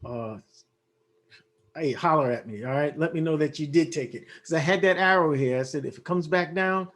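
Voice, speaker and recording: A man's voice: a little high, normal speed, fairly bright tone. A man walking viewers through trading charts in a casual way, thinking aloud with many fillers and restarts, his voice worn from losing it. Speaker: forex trading analyst.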